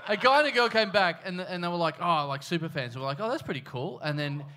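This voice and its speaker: A man co-hosting a live podcast, telling animated anecdotes and laughing along. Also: high voice, quick pace. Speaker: podcast co-host. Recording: live room with audible noise.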